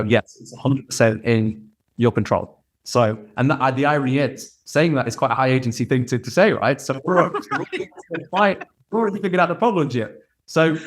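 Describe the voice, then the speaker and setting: A man appears as a guest on a casual podcast, with a voice of middle pitch. He works through ideas in a thoughtful, measured way. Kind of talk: casual interview conversation.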